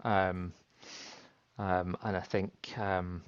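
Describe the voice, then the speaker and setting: A man narrating his scene in a tabletop role-playing game, halting with many fillers. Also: deep voice, level tone, clear, resonant tone, no echo, dull audio. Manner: halting, filler-heavy storytelling. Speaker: player.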